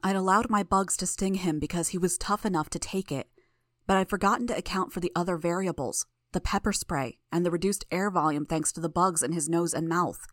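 A woman narrating a first-person audiobook in a measured, steady manner. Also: on the low side, no echo, clean studio sound.

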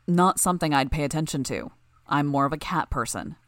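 A woman narrator voicing an utterly calm, sardonic male villain leader. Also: deep voice, brisk, dry recording, studio quality, lightly acted.

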